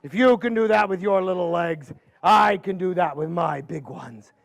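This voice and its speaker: A man's voice: sits high, normal speed, vocal fry, pitched below the performer's own voice. A man voicing a big, hungry, boastful brown bear in a told folk tale, growling out his threats. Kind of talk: storytelling to a live audience.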